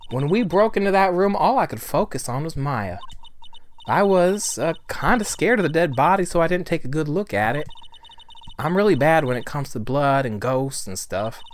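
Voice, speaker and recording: A player voicing a bubbly, nosy young female photographer, reading her lines in a chirpy, excitable way. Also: medium pitch, normal speed, pitched above the performer's own voice, close to an everyday voice. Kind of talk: game dialogue read aloud in a let's-play.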